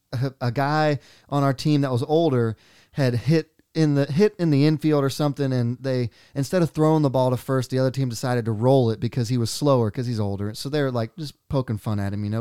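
A man with a smooth, clear voice telling a story in casual chat. He laughs a lot and drops quick asides into it. The sound is dry and close. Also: medium pitch, mellow, no echo.

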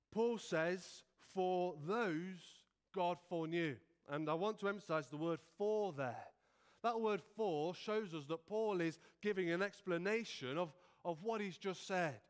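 Earnest, nervous male preacher, high, clear voice. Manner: earnest, self-effacing, with frequent restarts. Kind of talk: sermon. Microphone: stand mic.

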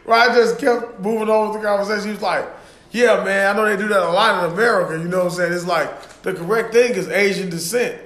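High-voiced man in casual profane chat. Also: fast, a bit bright, echoey room. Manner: loose, profane, laughing often. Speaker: podcast co-host.

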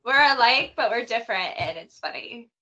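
A woman from Illinois co-hosting a podcast, chatting in an animated way, laughing a lot and swearing casually. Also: fairly high pitch, moderate pace, lo-fi sound. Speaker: podcast co-host. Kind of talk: casual chat.

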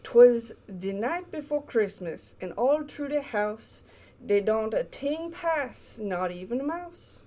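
A woman reading a holiday tale aloud in a put-on Cajun accent, slow and halting. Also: fairly high pitch, lively intonation, mellow. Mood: playful.

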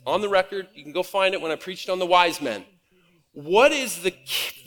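A man from Nebraska preaching a conversational, animated sermon from a church stage. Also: sits high. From Nebraska, USA. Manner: conversational and animated, acts out quoted voices. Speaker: pastor. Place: church auditorium. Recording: reverberant hall.

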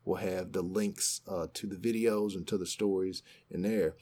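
A man's voice: sits low, fairly even intonation, normal speed, mellow. A man co-hosting a podcast, casually retelling a news story and acting out the quotes. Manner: conversational storytelling, acts out quotes. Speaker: podcast co-host.

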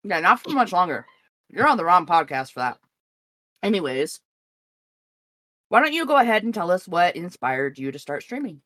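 A woman's voice: lowish voice, sing-song, moderate pace, long pauses, fairly bright tone, dry recording, studio quality. A woman co-hosting a casual podcast, teasing and playful as she asks questions. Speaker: podcast co-host.

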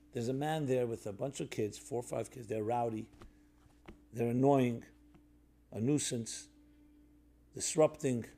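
A man giving a reflective sermon-style talk, conversational with fillers and restarts, dropping to a soft low voice when telling stories. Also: vocal fry.

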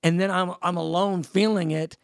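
A man with a gravelly, fry-tinged voice pitched a little high, co-hosting a casual Bible discussion. He exhorts listeners earnestly and retells scripture in everyday words. The recording is dry and close. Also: steady tone, moderate pace, dry recording.

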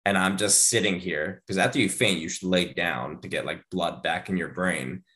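A man in his thirties who hosts a podcast shares an anecdote in casual talk at a moderate pace. Animated and theatrical, he acts out each quote with big jumps in pitch.

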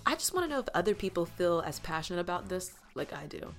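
Animated gossipy woman telling a story. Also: on the low side, fast talker, soft background music. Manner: animated, dramatic, slangy and gossipy. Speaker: comedic storyteller. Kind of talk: comedic storytelling monologue.

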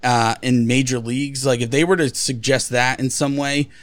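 A man's voice: medium pitch, fairly even intonation, moderate pace, no echo. A man co-hosting a casual podcast chat, blunt and profane with strong opinions. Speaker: podcast co-host.

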